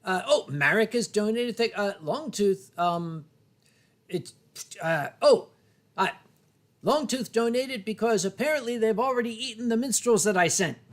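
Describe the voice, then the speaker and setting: A tipsy man hosting a livestream, his voice pitched notably high. He chats casually and chuckles often as he reads out viewer messages and thanks donors. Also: lively intonation, a little slow. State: tipsy from drinking sake. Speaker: livestream host. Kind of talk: casual chat.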